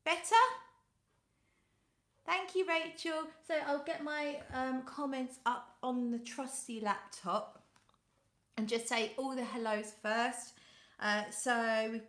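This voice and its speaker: British woman, live-stream host, chatty and warm with viewers, fairly high voice, echoey home room. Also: slow pace, long pauses. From United Kingdom. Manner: chatty, reads out viewer comments and greets them by name; coos softly when talking to her cat. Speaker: fragrance livestream host. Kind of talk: casual live-stream chat.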